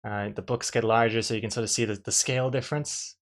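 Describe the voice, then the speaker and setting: A man's voice: on the low side, fairly even intonation, fast talker. A man, a comic artist, chatting casually to his live-stream viewers while drawing, rambling and restarting his sentences with dry jokes.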